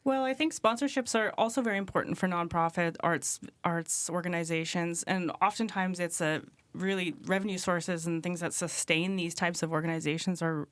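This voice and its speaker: A woman's voice: lowish voice, fairly even intonation, moderate pace, no echo. A woman who is an artist and arts administrator, speaking earnestly with many fillers in a panel discussion.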